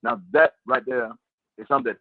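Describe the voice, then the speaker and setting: A male caller comes in over a thin, tinny phone line and lays out his view with emphasis. His voice sits at a middle pitch, and the sound is dry. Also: sing-song, fairly quick, vocal fry, no echo. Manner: opinionated, emphatic. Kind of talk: casual call-in radio chat.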